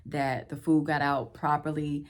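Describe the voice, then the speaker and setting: A woman, telling a story casually to camera, animated and laughing often as she acts out what others said. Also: low-pitched, unhurried, a little hiss or hum. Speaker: vlogger. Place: Houston, Texas.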